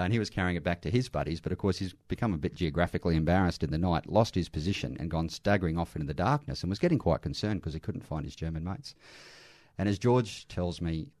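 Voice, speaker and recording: Fast-talking deep-voiced Australian man. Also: darkish tone, no room sound, studio quality. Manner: earnest, anecdotal, with frequent restarts and light laughs. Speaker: army veteran working in veteran aged care. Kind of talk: conversational interview storytelling.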